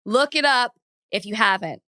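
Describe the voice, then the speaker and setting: A woman's voice: mid-range voice, normal speed, pushed and bright, no room sound, clean studio sound. A woman in her thirties co-hosting a podcast, telling stories in an earnest, reflective way during casual chat. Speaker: podcast co-host.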